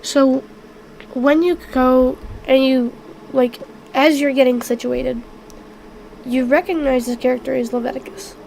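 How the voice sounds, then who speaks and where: A woman's voice: high-pitched, fairly even intonation, unhurried, creaky, a little mellow, a little hiss or hum, poor audio. A woman running a tabletop game as game master, chatting casually and rambling.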